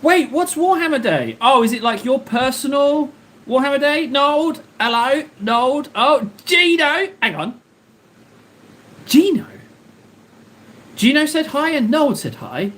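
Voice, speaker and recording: A man's voice: very high voice, lively intonation, takes it slowly, fairly bright tone. A man hosting a live stream, chatting casually and rambling jokily straight to his viewers from his hobby desk at home. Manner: rambling, jokey, chatty, talks to chat directly. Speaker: livestream host.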